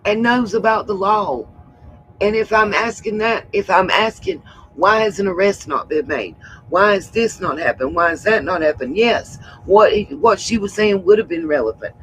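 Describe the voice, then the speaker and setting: A woman hosting a livestream, hoarse and frustrated, who keeps repeating her points with emphasis. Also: medium pitch, animated, moderate pace, low-quality recording. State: hoarse from hollering. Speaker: livestream host. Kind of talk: casual livestream talk.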